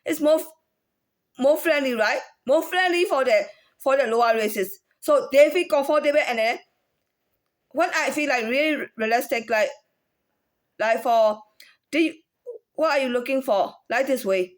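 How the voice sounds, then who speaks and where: A woman talking in a casual monologue, halting with many restarts and fillers, sometimes demonstrating different speaking tones. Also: high voice.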